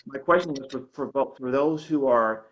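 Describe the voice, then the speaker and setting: A man's voice: medium pitch, normal speed, highs cut off, crowd noise. A man hosting an interview show, encouraging his guest and rephrasing his questions to draw out practical tips. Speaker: show host.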